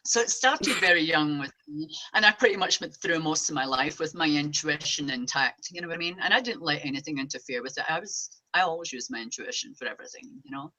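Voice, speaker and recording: A woman talks as a psychic medium being interviewed, chatty and full of animation. Her voice sits a little low for a woman. It carries a bright, forceful edge. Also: fast talker. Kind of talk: casual interview chat.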